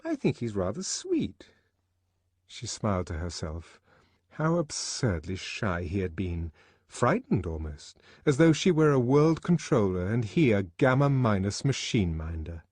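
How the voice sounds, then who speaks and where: A man reading an audiobook aloud with an expressive, dramatic delivery, recorded close and dry. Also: lowish voice, measured pace, slightly rough, dry recording. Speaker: audiobook narrator.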